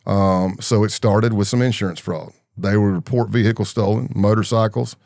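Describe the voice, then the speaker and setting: A man's voice: on the low side, normal speed, vocal fry, no echo, clean studio sound. A middle-aged man from the American South, telling long stories as a podcast guest and acting out the voices of people he quotes. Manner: animated storyteller, acts out quoted voices. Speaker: podcast guest, former undercover agent. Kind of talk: storytelling interview.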